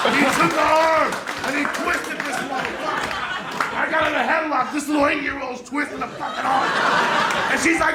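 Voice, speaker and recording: Gravelly, shouting stand-up comedian. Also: male voice, very high-pitched, fairly quick. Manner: loud, profane, often shouting. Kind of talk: stand-up storytelling. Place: comedy club stage. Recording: roomy club recording with crowd laughter. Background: audience laughter and room noise.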